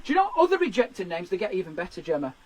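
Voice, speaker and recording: A man in his forties, a comedian hosting a jokey chat show from his garden shed, riffing excitably. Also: high voice, rapid-fire, very noisy. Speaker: comedian host.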